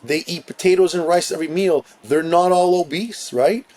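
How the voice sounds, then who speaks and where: A man's voice: on the high side, normal speed, over a noisy crowd. A man, a fitness coach talking as a podcast guest, laying out his points emphatically. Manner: energetic, emphatic listing of points. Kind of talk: podcast interview.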